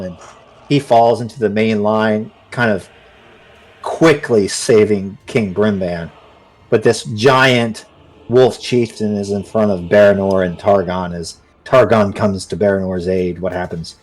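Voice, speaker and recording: A man narrating a tabletop game as game master, in a relaxed, hesitant way. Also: fairly low pitch, a little slow.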